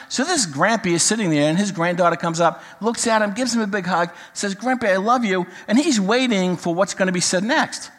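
An older man, a grandfather, preaching a sermon and mixing humorous stories with Bible teaching. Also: sits high. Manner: storytelling, jokes then teaching, animated quoting. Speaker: pastor. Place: church sanctuary. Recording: long hall reverb.

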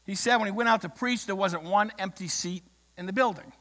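A male pastor preaching a sermon, telling a story with passion and swinging from loud declarations to hushed words. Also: sits high, brisk, long reverb tail.

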